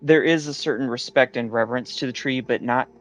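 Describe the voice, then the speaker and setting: A man's voice: medium pitch, a little fast. A man casually recapping the last session of a tabletop game, rambling with many fillers and restarts.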